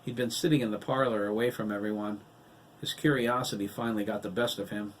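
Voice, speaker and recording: A man narrating his own novel in a steady, even audiobook reading. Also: fairly low pitch, fast, far from the mic, slight background noise, low-quality recording. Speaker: author and narrator.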